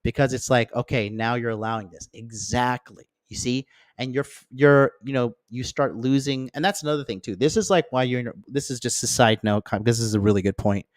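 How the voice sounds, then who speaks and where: A man's voice: fairly quick, no echo, clean studio sound. A man hosting a livestream of dating advice, talking bluntly and with profanity, checking in with the chat and acting out friends in mocking voices. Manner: acts out friends and exes in mocking higher voices. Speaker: host.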